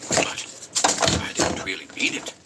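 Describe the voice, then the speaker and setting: A man's voice: measured pace, recorded from a distance, very noisy, natural voice. A man voicing an anguished man haunted by a demon, speaking in a choking, strained way, in a storybook reading.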